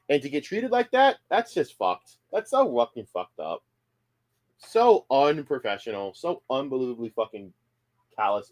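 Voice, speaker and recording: A man livestreaming from home erupts in heated, cursing outrage. His pitch veers between low grumbling and sudden high bursts, and he stammers and restarts his lines as he winds himself up.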